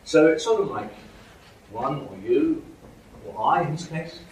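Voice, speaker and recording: A man's voice: on the high side, lively intonation, a little slow, darkish tone. A man giving a university lecture, explaining with frequent checks like "okay?" and "right?". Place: lecture hall. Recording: echoey hall from far off, faint noise.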